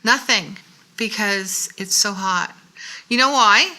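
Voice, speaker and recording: A woman's voice: medium pitch, slow pace, pushed and bright, rough recording. A woman co-hosting a casual makeup chat, joking and rambling a little. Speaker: co-host.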